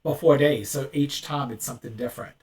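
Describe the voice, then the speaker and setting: Man, podcast host, rambling chatty delivery, mid pitch, a little off-mic. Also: a little fast, darkish tone, distant mic. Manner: rambling, chatty, with many restarts and fillers. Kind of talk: casual podcast chat.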